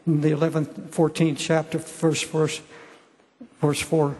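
An older man preaching a sermon and altar call, pleading slowly and repeating his words. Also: a little high, level tone, darkish tone, husky, in a large hall.

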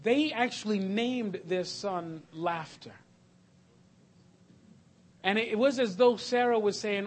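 A man preaching a sermon, swinging between loud, emphatic lists and hushed, slow passages. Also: high voice.

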